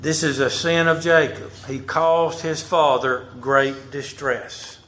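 A man's voice: fairly high pitch, steady tone, slow, a bit bright. Preacher man in an echoey room. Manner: reads old scripture aloud and stops to comment on it. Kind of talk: sermon with Bible reading. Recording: roomy echo.

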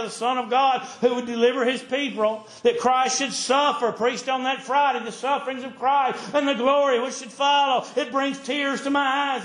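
A man preaching a sermon with fervent delivery, his voice swinging widely between high and low and between loud and soft. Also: echoey room.

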